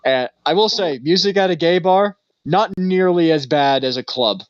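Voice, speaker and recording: A man co-hosting a podcast, telling a rambling story in casual chat and laughing often, with a deadpan delivery when quoting himself. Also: fairly high pitch, moderate pace, no room sound, highs cut off. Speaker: podcast co-host.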